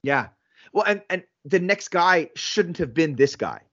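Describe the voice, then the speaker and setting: A man co-hosting a podcast in casual chat, animated, laughing often and acting out quotes. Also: on the high side, measured pace, no room sound, highs cut off. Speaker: podcast co-host.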